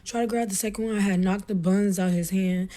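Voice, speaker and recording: A woman's voice: mid-range voice, steady tone, brisk, mellow. Young woman calling in, rambles thru her story, lots of blah blah, on a phone. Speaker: caller. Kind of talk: casual storytelling.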